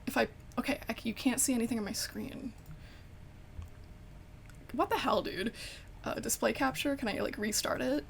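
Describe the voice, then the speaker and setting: A woman's voice: fairly high pitch, normal speed, creaky, long pauses, a little hiss or hum. A woman streaming a game, chatting casually and swearing in frustration at her crashing computer.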